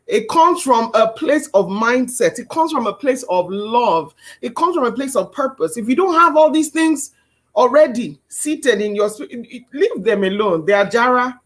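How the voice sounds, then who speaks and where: A woman hosting a summit, talking in a lively, chatty way. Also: a little high. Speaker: summit host. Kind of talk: casual talk to an audience.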